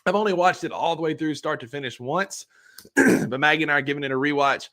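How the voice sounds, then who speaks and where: A man's voice: a little high, fast talker, bright, forceful tone. A man co-hosting a casual sports podcast, upbeat and enthusiastic as he chats. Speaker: podcast co-host.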